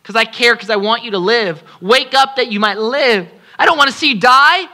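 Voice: mid-range voice, normal speed, pushed and bright. A pastor preaching a sermon at a congregation service, impassioned and pleading, repeating phrases for emphasis.

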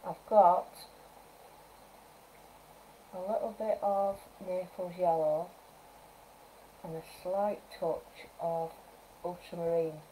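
Mellow-voiced woman teaching painting live. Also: lowish voice, fairly even intonation, takes it slowly, long pauses, slight background noise, poor audio. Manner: chatty, thinks aloud while working; gentle coaching asides. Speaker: wildlife artist teaching painting. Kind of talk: live painting demonstration, casual talk. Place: art studio at home, live stream.

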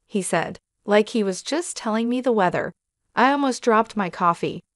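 A woman reading a first-person story aloud as narrator, in a steady, even storytelling manner. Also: medium pitch, normal speed, no echo, clean studio sound.

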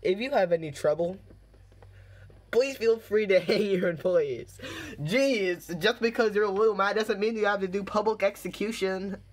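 A man's voice: sits high, normal speed. A man reading funny posts and signs aloud, with dry jokey commentary and bursts of laughter. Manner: deadpan reading broken out by laughing fits. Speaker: commentary video host.

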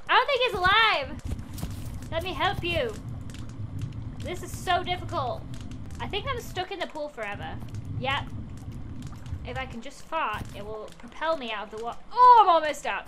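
A woman's voice: sits high, background noise. A young woman giving giggly, exclamation-filled let's-play commentary as a gaming YouTuber, talking to the game as she plays.

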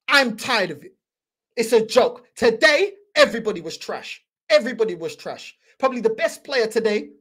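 A woman's voice: high voice, fairly bright tone, breathy edge. A young woman, hosting a football fan channel and ranting angrily, mocking and repeating herself. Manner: heated, mocking, repetitive ranting. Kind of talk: angry fan reaction rant.

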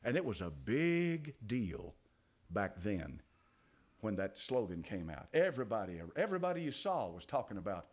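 An older man with an East Tennessee accent preaching a sermon as pastor, dropping to quiet asides and rising to loud exclamations. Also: on the low side, sing-song, moderate pace. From United States.

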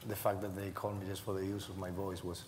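A man's voice: sits low, little pitch movement, fast talker, a little mellow, in a large hall. Guy, telling stories in an interview, laughs a lot, bit of background hiss. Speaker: cast member interviewee. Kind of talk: conversational interview.

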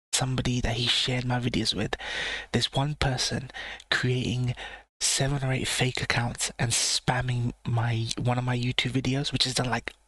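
A man hosts a late-night live stream, keeping his voice hushed and low, just short of a whisper, while he rants bluntly and swears. His voice is husky and stays flat in pitch. It sits close and dry on a mic with the gain turned up. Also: no echo. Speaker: live-stream reaction host. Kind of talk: late-night livestream chat. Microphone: sensitive mic with gain turned up.

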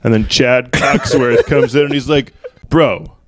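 A man's voice: medium pitch, steady tone, normal speed, no room sound. A man co-hosting a comedy podcast, riffing in casual chat and breaking into silly voices. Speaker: podcast co-host.

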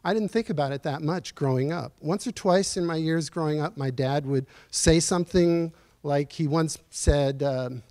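A man in his sixties giving a personal storytelling lecture in a university auditorium, earnest and reflective, pausing as he speaks. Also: a little high, darkish tone, no room sound. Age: 60s. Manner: earnest, reflective, halting with pauses. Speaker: guest speaker at a lecture series.

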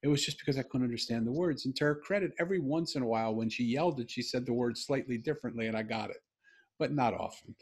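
Middle-aged man with a husky voice, telling a story earnestly. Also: mid-range voice, fast. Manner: earnest, heartfelt, emphatic. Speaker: guest. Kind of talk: personal storytelling in conversation.

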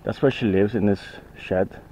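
A man's voice: lowish voice, moderate pace, dark tone, muffled recording. A young man chatting casually to his viewers in a home vlog, loose and rambling with fillers and restarts. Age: young adult. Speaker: vlogger. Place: family home and garden.

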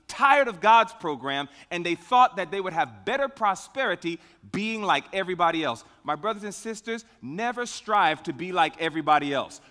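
A male preacher with a high, bright voice that swoops all over as he builds each point. He asks questions and answers them himself, leaning hard into key words. His voice rings out in a long-reverb hall. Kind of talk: sermon.

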